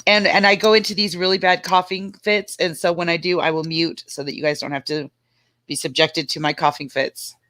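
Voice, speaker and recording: A woman who is hoarse from a cold, co-hosting a casual livestream and greeting viewers by name. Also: lowish voice, level tone, fairly quick, a bit bright, no room sound. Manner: greets viewers by name one after another. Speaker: livestream co-host.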